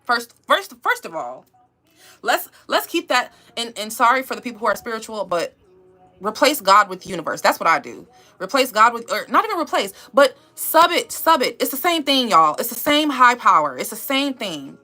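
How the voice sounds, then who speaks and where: A woman's voice: on the high side, big pitch swings, normal speed, sharp tone. A woman YouTuber giving an emphatic, repetitive motivational pep talk to her viewers, calling them y'all and babe.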